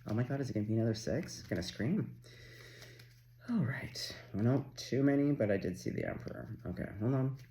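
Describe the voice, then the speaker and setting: A man from Canada doing a casual, chatty tarot reading, excitable and quick to swear. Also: mid-range voice. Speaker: tarot reader.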